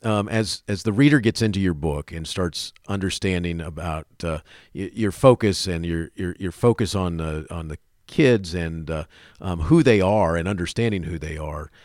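A man's voice: low-pitched, moderate pace, darkish tone, dry recording, studio quality. A man hosting an interview, chatty and enthusiastic as he asks questions. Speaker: interview host. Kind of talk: interview conversation.

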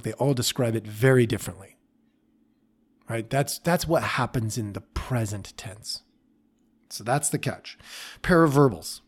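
A man in middle age hosts his own podcast, talking casually and at mid pitch. He speaks in a chatty, self-deprecating way, often restarting his sentences. He sounds like a therapist explaining ideas to listeners. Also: a little mellow. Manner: conversational, self-deprecating, frequent restarts and fillers. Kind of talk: casual solo podcast talk.

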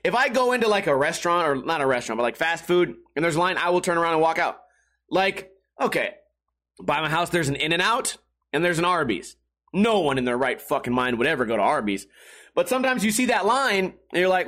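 A man's voice: fairly high pitch, sing-song, brisk, fairly bright tone. Rambling, profane man telling a story. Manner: rambling, profane, laughs often. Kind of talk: casual storytelling monologue.

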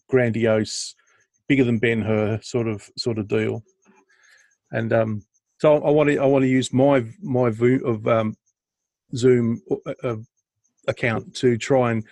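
Chatting on a video call, a man co-hosting a podcast tells stories in a loose, jokey way, with restarts and bursts of laughter. His medium-pitched, darkish voice is fairly even in intonation and a little slow, and the recording is dry.

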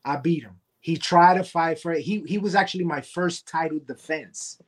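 A man's voice: a little high, normal speed, a little hiss or hum. A man, a wrestling heavyweight champion, talking trash as a podcast guest. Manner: cocky trash talk. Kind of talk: podcast interview.

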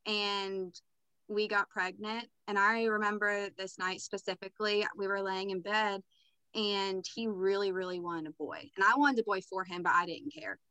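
A woman's voice: mid-range voice, fairly even intonation, normal speed, pushed and bright, clean tone, no room sound, low-quality recording. A young adult woman telling a personal story as a podcast guest, candid and matter-of-fact. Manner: candid, matter-of-fact recounting with filler words.

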